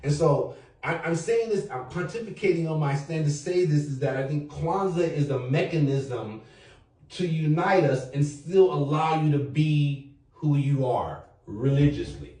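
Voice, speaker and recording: Leading a casual podcast round-table, a man with a fairly high voice speaks a little slowly, animated and jokey, swearing freely and getting the group going in call-and-response chants. The mic sits at a distance, capturing a roomy echo.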